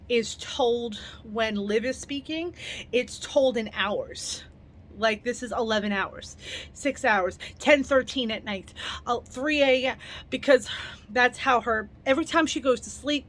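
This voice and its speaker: A woman's voice: a little high, fairly bright tone. A young woman hosting her own book review vlog at home at night, chatty and enthusiastic but tired and yawning, laughing often as she talks. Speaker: book reviewer, channel host.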